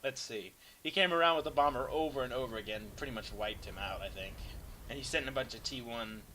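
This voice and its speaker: A young man talks through a strategy game replay in a loose, rambling way, poking fun at his own play. His voice is bright and forward, and a faint hum of ambience sits under it. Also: mid-range voice, fast talker, low-quality recording. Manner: self-deprecating, rambling, bursts into excited yelps. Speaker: gameplay commentator. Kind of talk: casual gameplay commentary.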